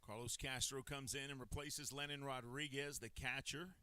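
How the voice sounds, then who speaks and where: A male play-by-play announcer calls a baseball game pitch by pitch in a steady, measured way. His voice is bright and forceful, slightly higher than most men's, with a crisp, smooth clarity and a dry, close sound. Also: no room sound. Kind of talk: live baseball commentary.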